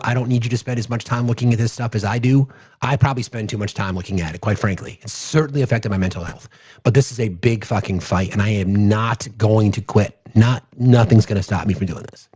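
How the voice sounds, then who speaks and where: A man's voice: medium pitch, warm tone, slightly rough, lo-fi sound. A man hosting a political livestream, urgent and profane, repeating phrases to rally his viewers. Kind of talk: impassioned live-stream monologue.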